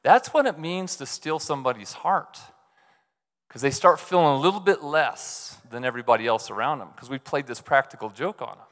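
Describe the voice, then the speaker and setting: A man's voice: medium pitch, animated, fairly quick, fairly bright tone. A man preaching a conversational sermon, telling stories and often checking in with the congregation with "right?". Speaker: pastor. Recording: long reverb of a large hall.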